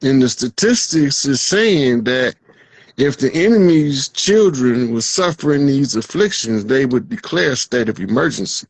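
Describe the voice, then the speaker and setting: A man speaking as a guest in a casual spiritual chat, slow and emphatic, like a proclamation. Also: mid-range voice, lively intonation, breathy edge, dry recording, low-quality recording.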